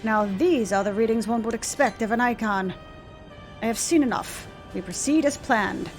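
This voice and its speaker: A woman's voice: on the high side, faint music behind, lightly acted. A woman reading as a cold, scheming imperial lord. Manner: measured, condescending.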